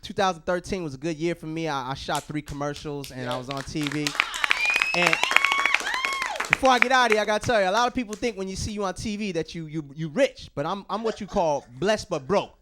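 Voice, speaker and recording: On a small comedy studio stage with a crowd in the background, a stand-up comedian with a high voice speaks briskly. He tells stories animatedly, acting out the voices of the people in them.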